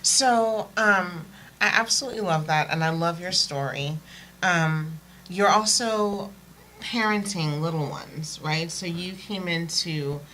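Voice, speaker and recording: A woman's voice: on the low side, slow, slight background noise, low-quality recording. A woman hosting a casual interview, asking questions and responding with encouraging sounds. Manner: warmly encouraging, lots of affirming sounds. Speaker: host.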